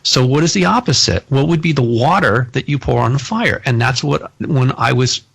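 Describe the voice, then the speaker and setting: Gravelly-voiced animated male host. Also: mid-range voice, normal speed. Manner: animated storyteller who laughs often. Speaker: podcast host. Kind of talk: casual conversation.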